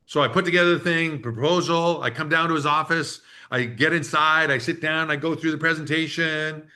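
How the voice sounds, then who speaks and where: A man in his sixties giving a business workshop, telling a story in an animated way and acting out the quotes. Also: a little high, brisk, few pauses. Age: 60s. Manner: animated storyteller who acts out quotes and laughs. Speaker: workshop presenter.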